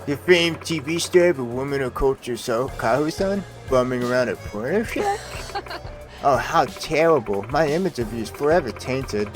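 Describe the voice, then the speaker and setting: Sneering blackmail thug in a video game, mocking and loud, game music behind, a guy doing the voice. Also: mid-range voice, big pitch swings, normal speed, voice pushed up, lightly acted. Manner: mocking, taunting. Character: sneering blackmailing young male street thug.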